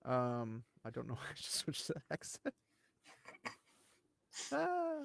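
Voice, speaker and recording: A man hosting casual online commentary, rambling and animated, with big jumps in pitch to stress his points. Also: takes it slowly, vocal fry, pauses often, no echo. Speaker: channel host.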